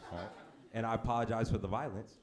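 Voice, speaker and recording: A man performing a brash stand-up comedy set on a club stage, with deadpan shock delivery and asides to the crowd. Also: fairly low pitch, fast talker. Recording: noisy live club recording. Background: audience laughter.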